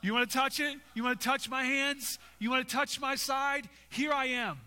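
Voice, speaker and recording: A man voicing the risen Jesus, a man urging his doubting friend to touch his wounds, in warm, eager questions. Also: very high voice, steady tone, normal speed, pitched above the performer's own voice, full character voice. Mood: inviting. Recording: long hall reverb.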